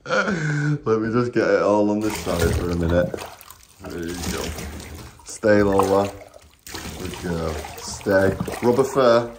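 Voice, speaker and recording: A man's voice: lowish voice, expressive, slow pace, background noise. A man chatting casually at home, coaxing and encouraging with frequent laughter, filmed on a handheld phone in a bathroom. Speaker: dog owner. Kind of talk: casual home video chat. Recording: echoey bathroom.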